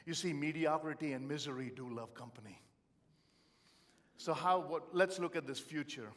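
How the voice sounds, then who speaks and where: A man's voice: a little high, moderate pace. Brief: middle-aged male motivational speaker from India, comic and punchy. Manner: punchy storytelling, swings from loud to quiet. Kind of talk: humorous motivational speech.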